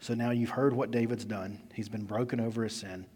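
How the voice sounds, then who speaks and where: A male pastor preaching a sermon in a conversational storytelling manner, swinging between loud emphasis and quiet asides, recorded in an echoey church hall. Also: fairly low pitch, steady tone, a little fast, slightly rough.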